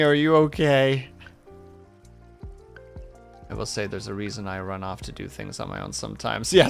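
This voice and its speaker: A man's voice: mid-range voice, creaky, fairly bright tone. A man streaming, chatting casually and reflectively with viewers, rambling with many fillers.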